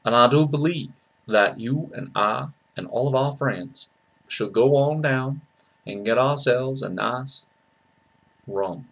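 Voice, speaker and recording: Man doing a quiet genteel southern gent, slow drawl, low-key. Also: creaky, exaggerated voice. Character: soft-spoken genteel Southern gentleman.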